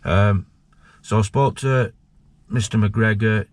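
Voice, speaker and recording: A man, a former prisoner, telling his story with halting emotion and many restarts. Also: on the low side, steady tone, no echo. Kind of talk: candid personal storytelling.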